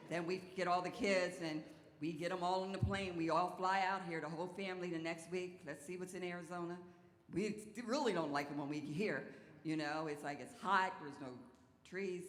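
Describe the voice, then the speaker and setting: A woman pastor preaching a sermon in an animated storytelling way, her voice rising into exclamations. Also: deep voice, normal speed. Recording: echoey hall with long reverb.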